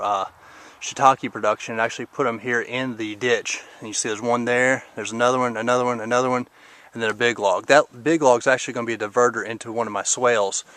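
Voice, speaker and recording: A man's voice: mid-range voice, fairly bright tone, dry recording. A man, a podcast host, casually walking through his rural property outdoors on a camera mic, a little out of breath and rambling with many fillers. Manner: rambling, filler-heavy, pointing things out. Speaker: podcast host giving a garden tour. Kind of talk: casual outdoor video tour.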